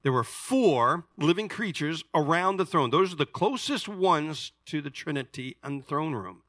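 A man preaching a sermon as pastor, moving between loud, emphatic declarations and hushed, intimate storytelling. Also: on the high side, lively intonation, moderate pace, dry recording, studio quality.

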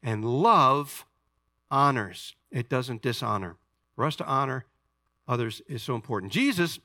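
A man preaching a sermon as pastor, moving between loud, emphatic declarations and hushed, intimate storytelling. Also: mid-range voice, no echo, clean studio sound.

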